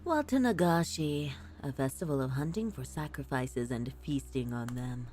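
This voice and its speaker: A woman voicing a researcher's notes on an old ritual, read aloud in a measured, intrigued way. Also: extremely low pitch, expressive, darkish tone, slight background noise, low-quality recording. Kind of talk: read-aloud document in a game dub.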